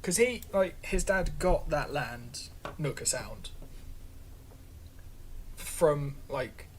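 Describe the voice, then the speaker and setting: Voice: mid-range voice, lively intonation, drawn-out words, slight background noise. A podcast co-host chatting casually, rambling with lots of "like" fillers. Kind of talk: casual chat.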